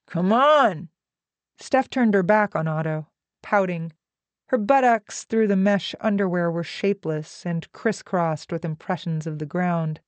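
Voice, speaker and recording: A woman narrating a novel in a slow, measured, even reading voice. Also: fairly low pitch, no echo. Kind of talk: audiobook narration.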